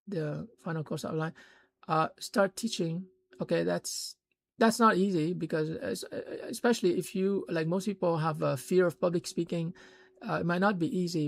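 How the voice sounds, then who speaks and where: A man with a gravelly, creaky edge explains course building in a loose, conversational way. He fills gaps with "you know" and "uh" and grows louder when he stresses a point. The sound is dry and close. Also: sits high, no room sound. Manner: conversational, many fillers, emphatic bursts. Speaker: course creator teaching online. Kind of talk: casual instructional talk.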